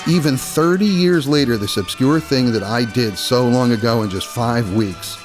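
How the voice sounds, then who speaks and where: A man recounts his past in a documentary interview, thoughtful and confessional. His pitch is middling. Music runs clearly underneath. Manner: reflective, confessional. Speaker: former game designer.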